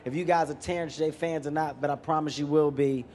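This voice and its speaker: An animated comedian from Philadelphia talks emphatically at a live Q&A. His voice sits a little high. A faint hiss runs under the mic. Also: a little fast. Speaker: comedian guest. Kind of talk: moderated Q&A discussion. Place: live venue with audience.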